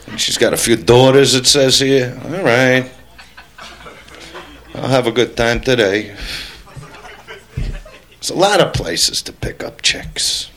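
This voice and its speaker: A man's voice: mid-range voice, takes it slowly, long pauses, a bit bright. A man doing a stand-up routine, brash and crude, teasing the crowd. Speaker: stand-up comedian.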